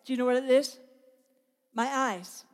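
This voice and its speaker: Female preacher, high-pitched, passionate sermon with emphatic repetition. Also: normal speed.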